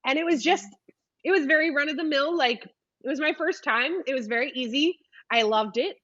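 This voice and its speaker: A woman in her thirties telling a story in a casual, animated podcast interview with lots of ums. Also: sits high, moderate pace, no room sound, highs cut off. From United States. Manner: chatty, animated retelling with frequent ums. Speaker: podcast guest, photographer.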